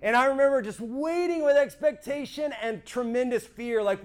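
A man sharing his church testimony with a small group, earnest and animated, often checking in with his listeners. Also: very high voice, moderate pace, hardly any pauses, soft background music. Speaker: speaker giving his testimony.

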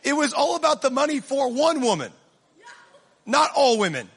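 A man preaching a sermon in an animated way, swinging from low, quiet asides to shouted punchlines, with humor. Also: moderate pace.

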